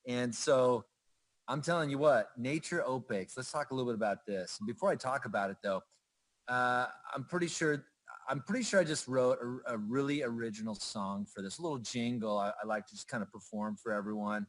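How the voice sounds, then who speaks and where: A man's voice: medium pitch, fairly quick, no echo. A middle-aged man hosting a company livestream, enthusiastic and playful, joking with the chat. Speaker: host. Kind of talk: upbeat livestream presenting.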